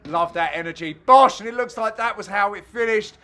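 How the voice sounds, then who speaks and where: Man, joking match commentary, high and bright voice, loud outbursts. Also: brisk. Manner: cheeky banter, bursts of loud exclamations. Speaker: amateur padel player commentating his own match video. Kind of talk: jokey voice-over commentary on match highlights.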